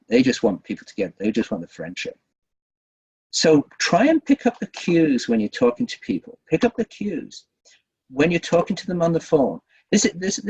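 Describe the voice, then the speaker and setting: A man running a communication-skills webinar, talking in a lively way, repeating himself and checking in with "right?". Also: on the high side, breathy edge. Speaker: workshop trainer. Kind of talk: webinar teaching. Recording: dull lo-fi webinar audio.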